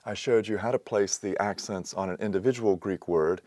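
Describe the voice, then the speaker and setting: Man, very low voice, patient lecture delivery, dry close sound. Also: warm tone, no room sound. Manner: measured, explanatory, with frequent "uh" pauses. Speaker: teacher. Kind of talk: recorded lecture.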